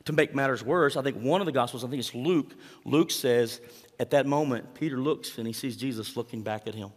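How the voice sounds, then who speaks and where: A man delivers a sermon in a mid-pitched voice. He preaches conversationally and keeps putting questions to the congregation. His voice carries a long reverb, as if in a large church hall. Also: brisk. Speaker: pastor.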